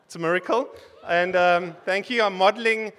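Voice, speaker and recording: High-voiced South African preacher. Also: male voice, moderate pace, fairly bright tone. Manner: conversational, joking asides with the congregation. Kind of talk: sermon.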